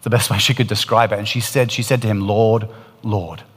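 A man's voice: fairly low pitch, fairly even intonation, fast talker, a bit bright, breathy edge, long reverb tail. A man preaching a sermon, retelling a story in an earnest, emphatic way that swells and drops in intensity.

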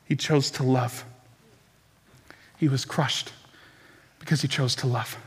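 A man's voice: medium pitch, fairly even intonation, slow, a little hiss or hum. A man preaching a dramatic, impassioned sermon as pastor to his church. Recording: long reverb from a large hall.

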